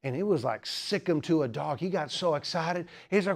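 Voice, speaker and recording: A man's voice: high voice, lively intonation, moderate pace, creaky. A young man teaching a student club in a humorous lecture, teasing the audience and chatting with lots of fillers. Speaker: teacher giving a talk.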